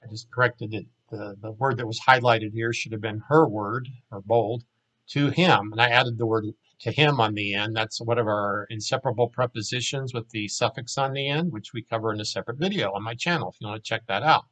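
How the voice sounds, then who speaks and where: A man teaching a recorded language lesson, explaining plainly and saying each example word slowly twice. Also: fairly low pitch, a bit bright, rough recording. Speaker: Hebrew teacher.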